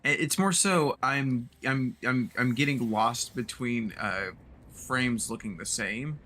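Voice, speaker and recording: A man playing a video game as a teammate, chatting in an easygoing, halting way and restarting his sentences often. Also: medium pitch, sharp tone. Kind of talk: casual gaming chat.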